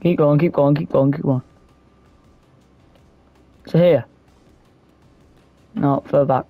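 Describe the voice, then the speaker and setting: A man reacting live to a football video game, excitable and cursing at every miss. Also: on the high side, slow, phone-quality sound, faint music behind. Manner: excitable, swears and shouts at the game. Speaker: gamer.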